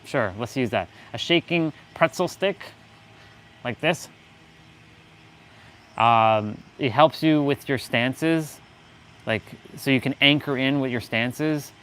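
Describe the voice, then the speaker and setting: A man's voice: medium pitch, slow pace, pauses often, fairly bright tone. A man hosting a fitness livestream, talking in a loose, rambling, joking way. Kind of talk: casual livestream chat.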